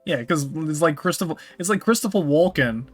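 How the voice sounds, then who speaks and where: A man's voice: fairly high pitch, animated, fairly quick, soft background music. A man hosting a casual livestream chat, joking and cheeky, swearing freely. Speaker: streamer host.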